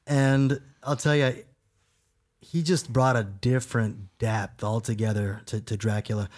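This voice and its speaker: A man's voice: on the low side, little pitch movement, unhurried, darkish tone. A man co-hosting a casual horror podcast, rambling with lots of fillers. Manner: rambling, full of "you know" and "uh" fillers. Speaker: podcast co-host.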